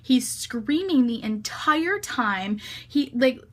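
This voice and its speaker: A young woman vlogger telling a wild night-out story in casual, animated speech, full of "like" and swearing. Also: on the high side, slow pace. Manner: animated, heavy use of "like" and swearing.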